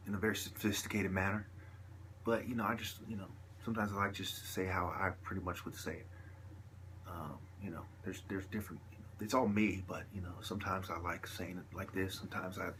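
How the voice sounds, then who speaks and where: Male vlogger, lower register, loose rambling street-slang delivery. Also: a bit bright, a little hiss or hum. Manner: rambling, slangy, sprinkled with "you dig". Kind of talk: casual monologue to camera.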